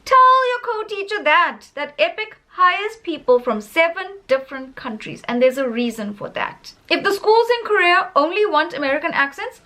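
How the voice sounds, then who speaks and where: South African woman, thirties, high bright voice, emphatic, animated vlog talk. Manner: animated, emphatic, laughs often. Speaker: English teacher in Korea. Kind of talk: casual opinion vlog.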